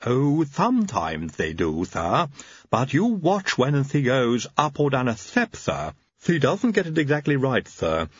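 A man's voice: lowish voice, expressive, unhurried, few pauses, dry recording, muffled recording. A man doing Igor, a lisping dour servant. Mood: dour, deferential. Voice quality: lisp. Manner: gloomy, deferential, dry. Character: grim male servant with a lisp, dour.

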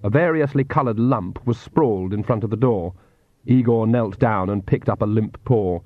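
A man narrating an audiobook in a measured, dry reading. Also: fairly low pitch, no echo. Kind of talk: scripted narration. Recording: tinny phone-like dry recording.

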